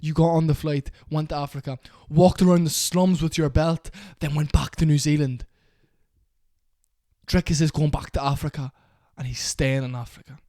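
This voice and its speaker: A man's voice: a little high, steady tone, moderate pace, warm tone, no room sound, clean studio sound. A young man in an angry, profane rant to camera about a fighter. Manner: heated, profane, repetitive. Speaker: MMA commentator.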